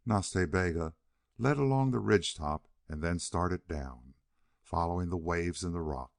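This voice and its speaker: A man reading a western novel aloud as an audiobook narrator, in a steady storytelling read on a close mic. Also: deep voice, unhurried, vocal fry, no echo. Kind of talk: scripted narration.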